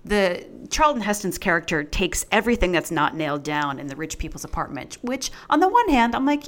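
A woman's voice: mid-range voice, big pitch swings, brisk, few pauses. A woman co-hosting a casual movie podcast, blunt and profane, rambling through stories. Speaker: podcast co-host.

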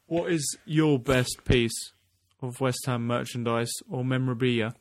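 A man hosting a casual podcast who keeps the chat on track in an easygoing, steady way. His voice sits in the middle range. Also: mid-range voice, unhurried. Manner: steady, wraps up the show. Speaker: podcast host.

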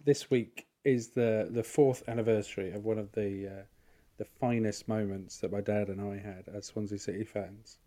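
A man's voice: lowish voice, steady tone, moderate pace, dark tone. A man co-hosting a podcast, telling rambling, sweary anecdotes in casual chat. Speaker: podcast co-host.

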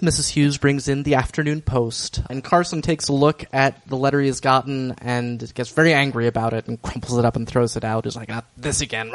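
A man co-hosting a casual recap chat, easygoing and quick to laugh. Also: mid-range voice. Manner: easygoing, laughs often, agreeable. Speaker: podcast co-host.

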